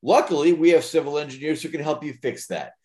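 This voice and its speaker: A man's voice: on the high side, animated, quick pace, darkish tone. A man talking as a guest in a casual chat, joking and poking fun at himself. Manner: joking, self-mocking.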